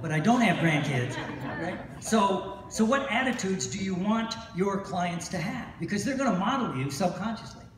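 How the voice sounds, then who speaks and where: A man's voice: high-pitched, slight background noise. Middle-aged man speaking in an echoey hall. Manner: storytelling, repeats phrases, asks "right?". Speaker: hypnosis instructor. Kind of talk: motivational convention talk. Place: large convention hall. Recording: echoey hall recorded from far off.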